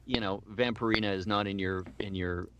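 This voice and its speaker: A man's voice: fairly low pitch, fairly even intonation, brisk, a little hiss or hum. A middle-aged man, a voice actor, chatting casually as an interview guest, with lots of restarts and self-deprecating asides.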